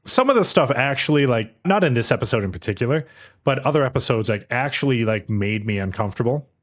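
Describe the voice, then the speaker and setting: A man co-hosting a podcast, reviewing an anime episode in a casual, animated way, swearing and using lots of fillers. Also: medium pitch, fast talker. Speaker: podcast co-host.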